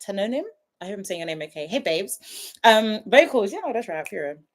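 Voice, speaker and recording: A woman's voice: medium pitch, expressive, a little fast. Young woman, livestream host, chatty and playful, casual home setup. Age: 20s. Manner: chatty, playful, shouting out viewers by name. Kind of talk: casual livestream chat greeting viewers. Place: at home, her sister's house.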